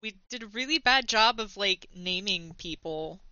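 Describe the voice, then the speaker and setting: A woman's voice: medium pitch, animated, normal speed, sharp tone, clear, resonant tone, no room sound. A woman playing in a tabletop game, speaking hesitantly with fillers, heard through a dull lo-fi mic. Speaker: player. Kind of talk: casual tabletop play.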